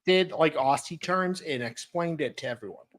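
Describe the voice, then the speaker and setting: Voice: medium pitch, normal speed. An American co-host chatting casually on a live stream. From United States.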